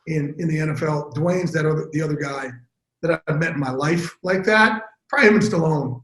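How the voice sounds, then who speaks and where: A man telling stories as a guest in a casual, profane interview, animated and quick. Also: on the high side, echoey room, low-quality recording. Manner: animated, profane, fast-talking storyteller. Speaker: interview guest, sports broadcaster. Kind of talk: casual storytelling chat.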